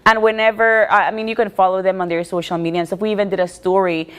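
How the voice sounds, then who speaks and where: A woman's voice: mid-range voice, level tone, fast, clear, resonant tone. Belizean lady chatting on a tv show, laughs a lot. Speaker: TV show co-host. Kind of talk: casual chat.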